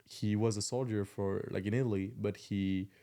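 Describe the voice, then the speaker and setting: A man's voice: on the low side, steady tone, moderate pace, warm tone. A young man from France with a French accent, chatting as a podcast guest, full of fillers and searching for English words. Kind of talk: casual chat.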